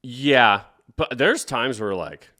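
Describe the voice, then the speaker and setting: A man's voice: mid-range voice, animated, takes it slowly, bright, forceful tone. A man hosting a podcast in casual chat, joking with short profane interjections. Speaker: podcast host.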